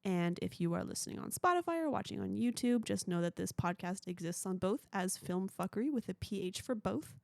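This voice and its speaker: A woman's voice: mid-range voice, expressive, brisk, gravelly, few pauses, dry recording, studio quality. A young woman hosting her own movie podcast, rambling casually and peppering her talk with "like.". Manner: chatty, rambling, frequent "like". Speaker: podcast host.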